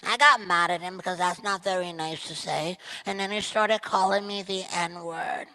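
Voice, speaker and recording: A man's voice: high voice, moderate pace, sharp tone, pitched above the performer's own voice, exaggerated voice, rough recording. A chatty six-year-old boy. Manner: nonstop chatter, boastful, giggly. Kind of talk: live character monologue. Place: auditorium stage.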